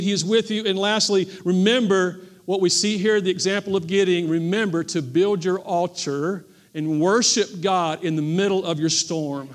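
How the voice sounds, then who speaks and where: A man's voice: sits high, moderate pace, hardly any pauses. A male pastor preaching a sermon at a church service, repeating key phrases with emphasis and calling on the congregation to respond.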